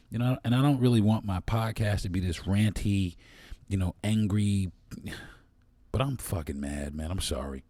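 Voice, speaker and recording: A man with a very deep voice talking straight into the mic on his own podcast. He speaks bluntly and with passion, swearing freely. The sound is dry and close, with no room around it. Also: warm tone, no room sound. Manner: blunt, profane and impassioned. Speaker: podcast host. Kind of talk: solo podcast monologue.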